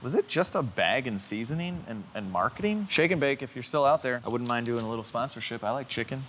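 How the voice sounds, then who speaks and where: A car restoration vlogger chats casually while working on a car in his garage, joking with himself and rambling off on tangents, sounding a little congested. His mid-range voice is fast, lively and fairly bright, recorded on a handheld camera with a little hiss or hum.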